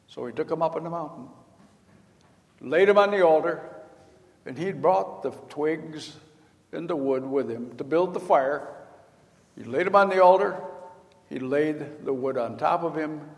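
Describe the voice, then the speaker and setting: A man's voice: on the high side, animated, normal speed, long pauses. Older man preaching with a folksy, storytelling manner. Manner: folksy storytelling, acting out quoted lines. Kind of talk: sermon. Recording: long hall reverb.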